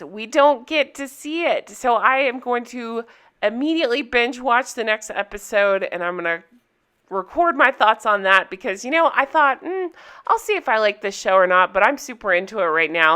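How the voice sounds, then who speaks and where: A chatty young woman talks straight to her viewers, recapping a show in an easy, candid way and laughing often. Her voice sits a little high and sounds bright and forceful. The tone stays smooth and crisp throughout. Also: big pitch swings, moderate pace. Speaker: reality TV recap vlogger. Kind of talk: casual recap chat to viewers.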